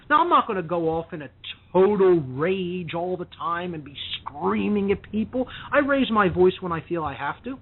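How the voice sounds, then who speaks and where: A man's voice: high voice, breathy edge. A man as a guest on a radio show, lecturing with passion and driving points home with a repeated "okay?". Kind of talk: impassioned lecturing talk. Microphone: telephone. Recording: tinny phone line.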